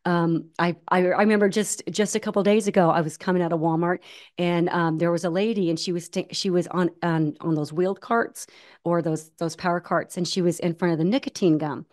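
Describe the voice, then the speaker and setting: A woman guest telling stories in an earnest, animated way, acting out the voices she quotes. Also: fairly low pitch, a little fast. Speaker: guest, ultramarathon runner. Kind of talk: conversational storytelling.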